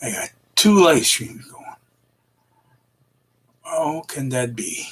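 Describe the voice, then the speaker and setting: A middle-aged man hosting a casual livestream, rambling and chuckling between halting restarts as he greets his viewers. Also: fairly high pitch, animated, fairly bright tone, breathy edge. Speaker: live streamer.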